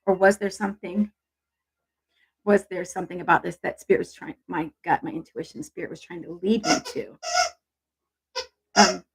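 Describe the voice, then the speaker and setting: A woman's voice: fairly low pitch, steady tone, normal speed, pauses often. A woman hosting a casual livestream, talking affectionately and chattily to her viewers about intuition. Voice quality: gravelly, husky. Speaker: intuitive reader and livestream host.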